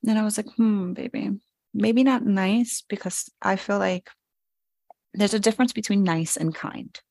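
A woman's voice: mid-range voice, normal speed, vocal fry, darkish tone, no room sound. A woman in her thirties, a podcast co-host, chatting candidly and telling stories about her children. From New York. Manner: candid, storytelling, acts out her kids' lines. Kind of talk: casual chat.

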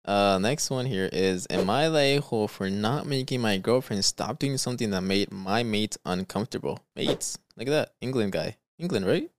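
A man hosting a podcast, chatting casually and reading stories aloud in a slangy, animated way. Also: fairly low pitch, normal speed, few pauses, background noise. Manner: animated, slangy, says "bro" and "dude" often. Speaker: podcast host.

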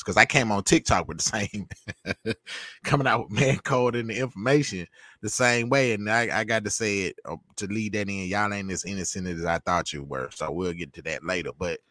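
A man's voice: deep voice, moderate pace, sharp tone, dry recording. A man, a podcast guest talking in an emphatic, preachy way and often repeating himself. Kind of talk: opinionated casual talk.

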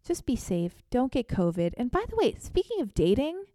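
A woman tells a comic personal story in a lively, theatrical way. She often pokes fun at herself. Her voice is mellow and warm, and it is recorded close and dry. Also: fairly high pitch, moderate pace, dry recording. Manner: animated, self-deprecating, theatrical. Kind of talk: comedic storytelling monologue.

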